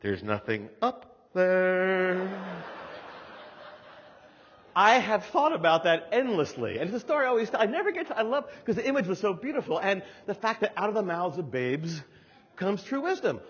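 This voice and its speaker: An older man delivers a motivational keynote, his high voice moving at a quick pace with a faint hiss or hum in the background. He tells animated stories and hammers points home through emphatic repetition. The recording sounds dull, with a long hall reverb.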